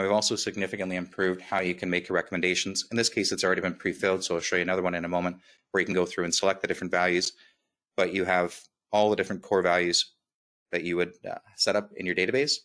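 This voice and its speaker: Fast-talking low-voiced man with slight lisp. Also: fairly bright tone. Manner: upbeat, quick, with filler "right?" checks. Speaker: software demo presenter. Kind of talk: webinar product walkthrough.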